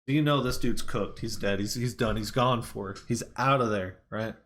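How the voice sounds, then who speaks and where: A man's voice: on the low side, normal speed, fairly bright tone, a little hiss or hum. A man giving a casual movie review, retelling the plot in a rambling way with fillers and restarts.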